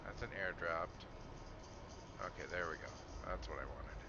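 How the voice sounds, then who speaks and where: A man's voice: deep voice, normal speed, lo-fi sound, heavy background noise. A man streaming a game live, commenting casually as he plays, chatting to viewers and chuckling often. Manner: chuckles often, chats to viewers while playing.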